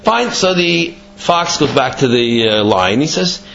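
A man giving a Torah class, explaining and telling a parable in an animated, conversational way. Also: medium pitch, measured pace, creaky, dull audio, soft background music. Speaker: Torah teacher.

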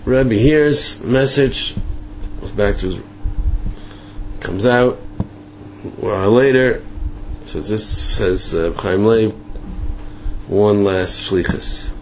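A man telling a folk tale in a casual, halting way, often repeating words and restarting. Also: fairly low pitch, slight background noise. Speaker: storyteller. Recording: muffled lo-fi with faint ambience.

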